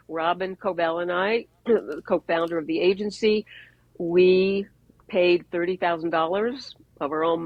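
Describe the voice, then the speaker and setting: A woman, an advertising executive, telling animated stories with wry jokes as a podcast guest. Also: on the low side, no room sound, highs cut off. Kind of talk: conversational storytelling. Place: podcast interview.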